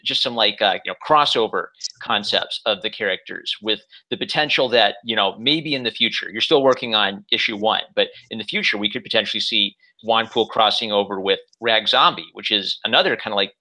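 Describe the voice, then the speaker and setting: A man's voice: on the low side, bright, forceful tone, low-quality recording. A male host interviewing a guest over a video call, thoughtful and rambling as he works through his ideas. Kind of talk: casual interview chat.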